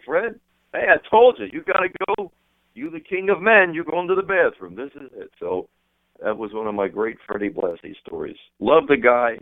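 Middle-aged male guest, lowish voice, animated anecdote teller, heard over a dry, tinny phone line. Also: no room sound. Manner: animated anecdotes, jumps into high voices when quoting people. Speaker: guest, wrestling manager and author. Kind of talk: casual storytelling on a call-in interview. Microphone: telephone.

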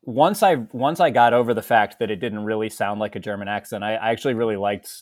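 A man's voice: on the low side, quick pace. A man in a casual chat, musing with stammering restarts.

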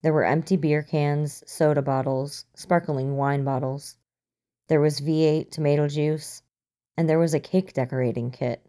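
A woman narrating fan fiction in a steady, expressive audiobook reading. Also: low-pitched, moderate pace.

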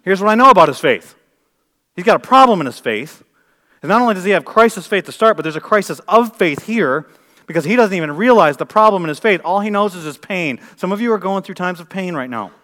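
A man delivers a sermon in a church. His voice sits a little high for a man. He swings from loud, emphatic preaching down to hushed, earnest passages. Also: animated, fast talker. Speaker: pastor.

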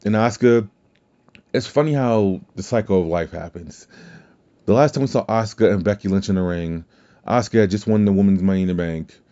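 A man's voice: low-pitched, dark tone, dull audio. Rambling man with a southern drawl. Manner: rambling and conversational, with fillers and self-corrections. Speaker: podcast host. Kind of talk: casual solo podcast talk.

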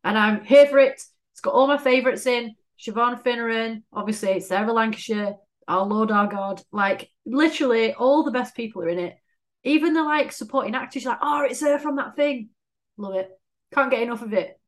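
Young woman, casual podcast chat, a bit high-pitched, lively and swearing. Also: brisk. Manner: chatty, animated, swears and laughs often. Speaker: podcast co-host.

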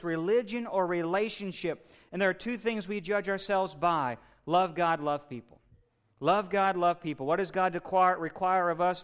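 A man preaching a sermon as pastor, building from measured and quiet to loud and excited. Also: sits high, clear, resonant tone.

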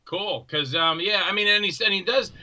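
A man talking as a guest filmmaker in casual chat, an animated storyteller who acts out quoted voices loudly. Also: high-pitched, normal speed, poor audio.

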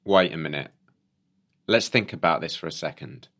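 A man's voice: very deep voice, normal speed, a bit bright. A British man co-hosting a casual news chat, jokey and playful with sudden exclamations. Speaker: podcast co-host.

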